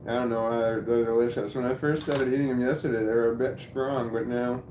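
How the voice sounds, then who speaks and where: Speaking a little fast in a mid-range voice, a man hosts a relaxed livestream, reading chat messages aloud and spinning animated, laugh-filled stories with plenty of swearing. The recording sounds roomy, with faint background noise.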